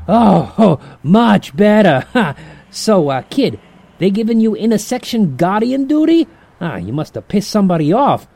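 A man's voice: high voice, very animated, a little slow, creaky, a little mellow, exaggerated voice. An actor playing a jovial, sleazy male demon who talks in slangy, chuckling banter in an audio drama. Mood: wisecracking.

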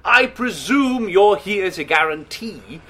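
A man's voice: high-pitched, animated, slow, a bit bright, heavily acted. An actor playing a righteous, pompous male archangel with formal, lofty speech in an audio drama.

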